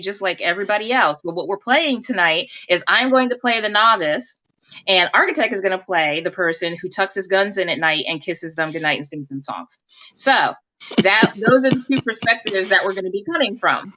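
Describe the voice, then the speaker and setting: Bright, chatty woman hosting a live stream. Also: mid-range voice. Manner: lively, chatty, laughs often. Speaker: live stream talk show host.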